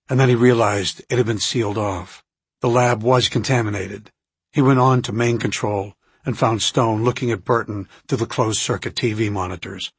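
A man with a husky voice reading a novel aloud in an even, steady narration. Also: on the low side, dry recording. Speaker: audiobook narrator. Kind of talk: scripted narration.

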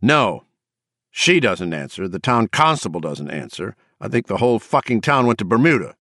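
A cold, furious woman who snaps her words short and swears freely, as a man reads her out. Her pitch sits a little higher than his own deep voice, still low for a woman, in a dry close sound. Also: big pitch swings, normal speed, fairly bright tone, dry recording, heavily acted. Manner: barking, clipped, profane. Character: curt, furious grown woman.

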